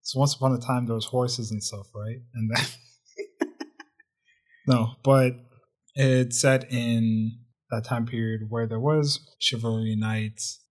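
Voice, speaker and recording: A man's voice: medium pitch, fairly even intonation, takes it slowly. A man co-hosting a casual movie review chat, telling the plot in a joking, wry way. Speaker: podcast co-host.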